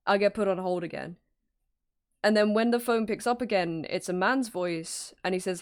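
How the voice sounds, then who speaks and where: A woman's voice: medium pitch, moderate pace. A woman streamer telling a story in a casual, exasperated way, acting out the people involved with some swearing. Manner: exasperated, animated retelling with acted-out quotes and swearing.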